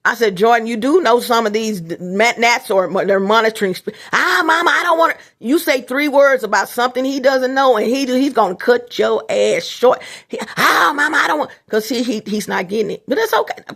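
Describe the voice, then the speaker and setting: Speaking a little fast in a higher voice, this middle-aged vlogger rambles casually and addresses her viewers directly. She tends to repeat herself and restart often.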